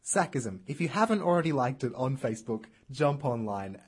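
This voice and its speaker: A man's voice: medium pitch, sing-song, normal speed. A man hosting a casual radio show, joking at his own expense and steering the segments. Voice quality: husky. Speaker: radio host. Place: radio studio.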